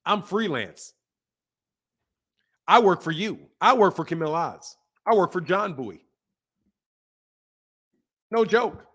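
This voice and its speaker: Animated high-voiced man ranting to chat. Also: slow pace, pauses often, slightly rough. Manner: animated, repetitive, laughing, addresses chat. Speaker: boxing commentary host. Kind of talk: casual live-stream commentary.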